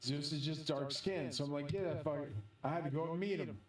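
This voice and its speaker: Brief: excitable, swearing male host, fairly high voice, rambling monologue, roomy echo, set back from the mic. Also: brisk, far from the mic. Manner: profane, excitable storytelling. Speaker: channel host.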